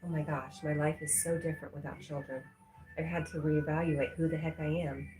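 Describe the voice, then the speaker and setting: A woman's voice: deep voice, flat delivery, a little fast, echoey room, over music, low-quality recording. A middle-aged woman hosting a casual livestream, reading chat messages aloud and answering them with frequent laughter. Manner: reads chat messages aloud and chats back, laughing often.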